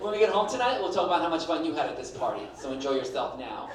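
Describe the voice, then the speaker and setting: A man's voice: a little high, fast, few pauses, very echoey, distant mic, a little hiss or hum, low-quality recording. A middle-aged man doing a stand-up comedy set, brash and punchy, acting out voices. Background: audience laughter.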